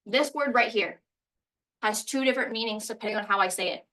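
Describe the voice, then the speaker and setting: A woman's voice: fairly high pitch, brisk, sharp tone, recorded from a distance, low-quality recording. A woman teaching a recorded language lesson, explaining pronunciation step by step. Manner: explanatory, walks through examples step by step.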